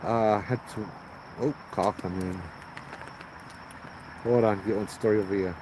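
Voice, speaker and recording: A man with a Hawaiian Pidgin accent hosting a livestream, telling a ghost story in a lively way and putting on high voices for the people in it. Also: measured pace, background noise. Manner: animated, acts out voices in high pitch. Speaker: host telling ghost stories.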